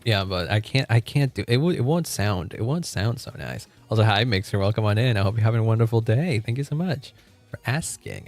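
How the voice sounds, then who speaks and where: A man's voice: on the low side, expressive, fairly quick, no room sound, faint music behind. A man streaming and chatting casually, laughing often and restarting his sentences.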